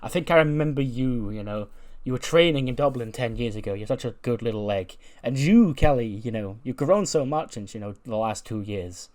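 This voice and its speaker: A man's voice: mid-range voice, moderate pace, a little mellow, natural voice. A man voicing a boastful, arrogant female wrestling star in a loosely acted game retelling. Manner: arrogant, bragging.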